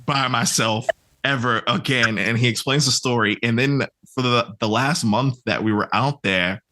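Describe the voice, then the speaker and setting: A young man guesting on a podcast, telling a story in an animated, profane way and laughing as he acts out what others said. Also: mid-range voice, moderate pace. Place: podcast recording.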